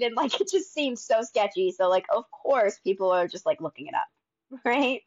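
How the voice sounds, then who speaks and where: Young adult woman, casual storyteller, animated, dry close sound, slightly muffled. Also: on the high side, moderate pace, no room sound. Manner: animated, acts out quoted dialogue. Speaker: guest telling her recovery story.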